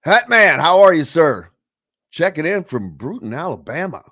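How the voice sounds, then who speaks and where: Rambling sports radio host, dry sound. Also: male voice, a little high, sing-song, moderate pace, fairly bright tone, dry recording. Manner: loose and rambling, many fillers, reads chat comments aloud. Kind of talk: casual sports talk with listener comments.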